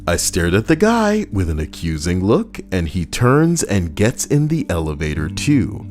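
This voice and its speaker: A man's voice: deep voice, unhurried. A man streaming casually, reading stories aloud and joking sarcastically with his chat. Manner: animated, sarcastic, jokes with chat. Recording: soft background music.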